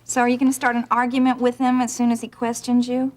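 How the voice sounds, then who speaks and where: A woman's voice: a little high, completely flat delivery, fast, darkish tone, lightly acted. Lori, a woman playing a worried wife. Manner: worried, pointed. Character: anxious practical wife. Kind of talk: radio drama acting.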